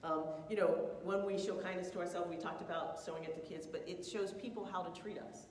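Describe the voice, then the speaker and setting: A woman's voice: fairly low pitch, fairly even intonation, brisk, slight background noise. A woman telling a personal story to a group in a candid, reflective way, often laughing. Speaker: co-presenter of a couples session. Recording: echoey hall picked up from a distance.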